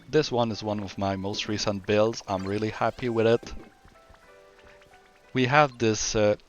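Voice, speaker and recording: A man with a French-Canadian accent talks through his game world in an unhurried, low voice. He rambles casually and often corrects himself mid-sentence, and soft music plays faintly behind him. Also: lo-fi sound. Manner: relaxed, rambling, self-correcting. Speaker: streamer. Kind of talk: casual game walkthrough commentary.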